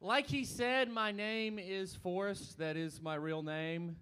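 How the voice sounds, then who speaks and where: A man opening his stand-up comedy set at a live comedy club, greeting the crowd with loud energy. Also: high voice, fairly even intonation, takes it slowly, clear, resonant tone.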